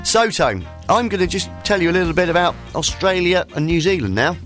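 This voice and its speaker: A man's voice: high voice, animated, brisk, loud music behind the voice. A man hosting a casual radio show, bantering and laughing with his co-host in a jokey way. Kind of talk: casual chat.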